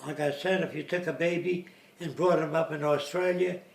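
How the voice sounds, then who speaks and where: Heard through a distant mic in a roomy space with faint hiss, this man explains his argument step by step in an informal lecture, occasionally mimicking others' accents. His fairly high voice has vocal fry, fairly even intonation and a moderate pace.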